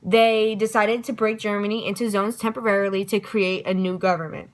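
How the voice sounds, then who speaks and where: A woman's voice: mid-range voice, steady tone, brisk, low-quality recording. A young woman giving a casual history review, chatty and self-deprecating, now and then tripping over her words.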